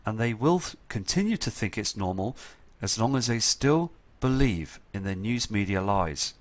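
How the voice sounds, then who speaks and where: Earnest lower-voiced man narrating photos. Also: lively intonation, moderate pace. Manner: earnest, urgent conspiratorial tone. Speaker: channel host. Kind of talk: voice-over commentary on viewer photos.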